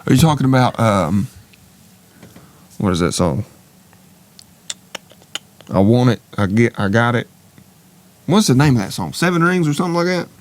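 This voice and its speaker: A man's voice: mid-range voice, expressive, moderate pace, pauses often. A young man co-hosting a podcast in casual chat, hesitant and full of fillers. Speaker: podcast co-host.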